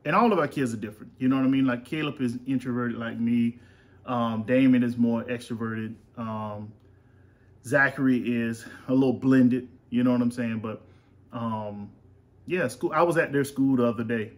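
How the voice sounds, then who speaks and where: A man's voice: mid-range voice, steady tone, moderate pace. Dad in his 30s, rambly podcast chat, tons of ums. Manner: rambling storyteller, lots of fillers. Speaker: podcast host and father. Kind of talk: casual chat. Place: home.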